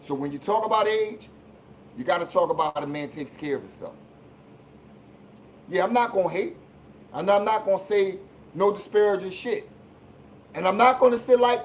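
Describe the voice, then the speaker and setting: Blunt, profane sports-rant host. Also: male voice, a little hiss or hum, rough recording. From Philadelphia. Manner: blunt, profane, swings between low asides and shouted emphasis. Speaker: sports talk show host. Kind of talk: live-stream sports rant.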